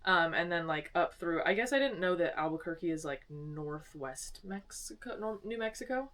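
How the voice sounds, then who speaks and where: A podcast co-host, a young woman from Arizona, speaks at normal speed in a voice on the low side, recorded at a distance in a small home studio. Her casual storytelling features quotes she acts out in spirited voices.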